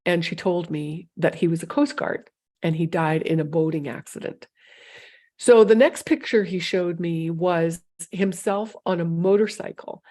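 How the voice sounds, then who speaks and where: Middle-aged woman host, casual storyteller, animated and emotional, mid-pitched voice, frequent restarts. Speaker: psychic medium sharing client stories.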